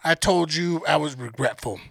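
A man co-hosting a podcast, reacting with quick, profane wisecracks and teasing in casual chat. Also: a little high, creaky, a bit bright, dry recording, studio quality. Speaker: podcast co-host.

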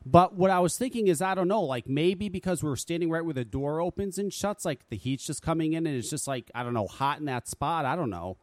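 A man's voice: fairly high pitch, animated, brisk, few pauses, darkish tone, no echo. A man hosting a talk radio show, ranting casually and swearing freely in an exasperated way.

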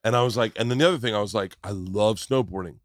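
A man hosting a podcast, chatting casually on a tour bus, animated and joking, swearing often. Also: lowish voice, quick pace, no echo, studio quality. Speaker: podcast host. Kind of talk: casual chat.

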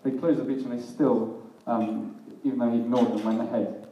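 A man's voice: mid-range voice, steady tone, moderate pace, warm tone, lo-fi sound, a little hiss or hum. A man preaching a sermon in a casual, self-deprecating way, often laughing at himself. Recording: echoey hall, mic at a distance.

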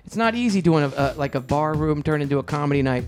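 A middle-aged man telling stories in a casual interview, animated and quick, acting out quoted lines in a raised voice. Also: fairly high pitch, soft background music. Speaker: comedian and show producer, guest. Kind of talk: casual storytelling in a podcast interview.

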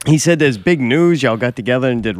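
A man's voice: medium pitch, lively intonation, a little fast, slight background noise. Joking man hosting a loose chat. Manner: joking, crude, teasing. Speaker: podcast host. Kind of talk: casual banter.

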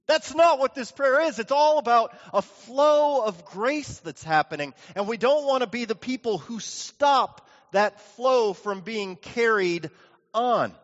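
High-voiced preacher in an echoing church. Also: male voice, animated, unhurried. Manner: storytelling, acting out the people he quotes. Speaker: pastor. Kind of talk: sermon. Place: church sanctuary. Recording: dull lo-fi audio with long hall reverb.

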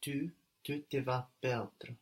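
A man's voice: medium pitch, little pitch movement, takes it slowly, slightly rough. A man answering as a student in a language lesson, hesitant and repeating words while he works out each answer.

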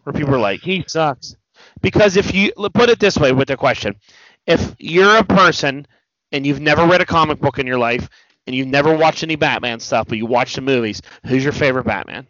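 A man hosting a casual chat about movies, talking in an animated way and swearing freely. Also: medium pitch, a little fast, no echo. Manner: animated, swearing, quotes movie lines in mock voices. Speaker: podcast host. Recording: dull lo-fi sound, dry.

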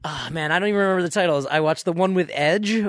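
A man with a notably high voice, chatting casually as a podcast co-host. He rambles in a joking way and trails off mid-sentence. The sound is dry and close. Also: fast talker, fairly bright tone, no echo. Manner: rambling, jokey, trails off and restarts. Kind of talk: casual chat.

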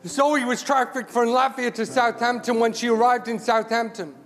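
A man's voice: extremely high pitch, steady tone, normal speed, a bit bright. A man preaching an impassioned sermon, repeating words as he builds. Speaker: charity CEO, guest preacher. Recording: hall reverb with music.

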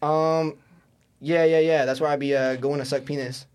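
A young man, a podcast guest, chatting crudely while high and prank-calling a pizza place with giggly banter. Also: flat delivery, normal speed, a little mellow, slight background noise. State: high, intoxicated. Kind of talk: casual chat, prank calling.

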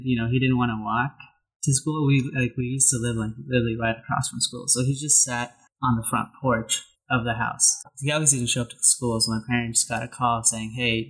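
A man leads a relaxed group conversation, telling a family story at an easy pace. His voice is husky and he keeps it level, with little rise and fall. He laughs readily along with the others. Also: mid-range voice, poor audio. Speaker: host. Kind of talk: casual group chat.

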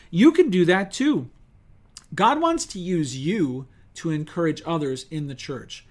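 Lively conversational male preacher. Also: sits high. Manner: lively, conversational preaching with rhetorical questions and acted-out quotes. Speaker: pastor. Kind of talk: sermon.

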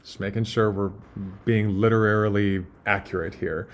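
A man's voice: fairly low pitch, normal speed. Casual man hosting a Bible podcast. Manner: relaxed, filler-heavy storytelling. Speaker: podcast host. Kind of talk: casual Bible study chat.

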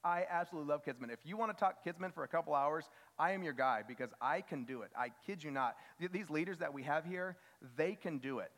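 A man in his thirties preaching a sermon as a children's pastor, telling a self-deprecating story that climbs to loud, emphatic peaks. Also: a little high, quick pace, few pauses, big-room sound. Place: church sanctuary.

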